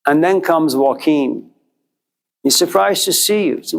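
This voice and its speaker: Storytelling male lecturer, slightly high voice. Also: a little slow, vocal fry. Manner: conversational, addresses listeners directly; acts out quoted characters with jumps in pitch.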